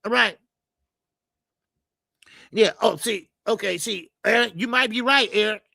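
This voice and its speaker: Gravelly, high-voiced man hosting a boxing stream. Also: a little slow, sharp tone, dry recording. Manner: loose and profane, lots of filler stammers. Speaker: boxing show host. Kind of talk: casual live-stream chat reading comments.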